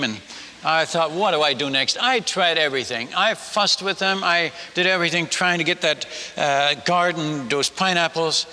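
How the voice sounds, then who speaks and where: An older man from the Netherlands, a missionary telling a humorous sermon story, animated and acting out the people in it. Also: a little high, a little slow. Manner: animated, acts out villagers and his wife in quotes. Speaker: missionary speaker. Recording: long hall reverb.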